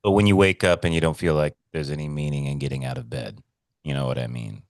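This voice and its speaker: A man co-hosting a podcast, telling stories in casual chat, animated and swearing freely. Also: very deep voice, fast talker, no echo, clean studio sound. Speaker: podcast co-host.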